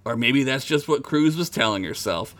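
A man's voice: medium pitch, lively intonation, normal speed, a bit bright. Joking man narrating a comedy story. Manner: joking, irreverent, laughs at his own lines. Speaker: podcast host and storyteller.

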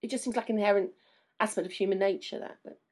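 A woman's voice: medium pitch, steady tone, a little mellow. A woman co-hosting a casual chat, musing aloud and finishing her partner's sentences. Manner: quick, chatty, muses aloud and finishes the other host's sentences. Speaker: podcast co-host. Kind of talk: casual chat recapping a TV episode.

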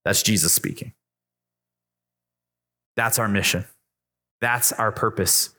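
A man's voice: slow, pauses often. A man preaching an emphatic, repetitive youth sermon in a church youth room. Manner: emphatic, repetitive preaching that climbs in pitch when excited. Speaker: youth pastor.

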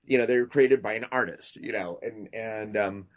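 Halting, laughing man guest. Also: on the low side, muffled recording. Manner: rambling, halting, laughs often. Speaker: podcast guest, makeup artist. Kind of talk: casual chat. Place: at home, tying a wig while talking.

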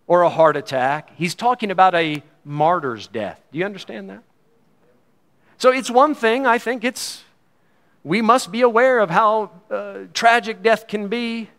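A middle-aged male preacher delivering a sermon in a slightly high voice. He moves from ringing, emphatic proclamations down to near-whispered lines. His delivery is fervent and dramatic. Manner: fervent, swinging from loud declarations to hushed lows.

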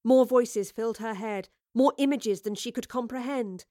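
A woman reads a story aloud in measured, vivid narration. Her voice sits fairly high, and the recording is close and dry with no room sound. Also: warm tone, no room sound. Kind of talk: scripted audiobook narration.

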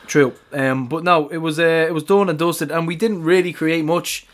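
A man's voice: on the high side, steady tone, moderate pace. Blunt, sweary man on a podcast. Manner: blunt, sweary, laughs easily. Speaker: podcast co-host. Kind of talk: casual sports chat.

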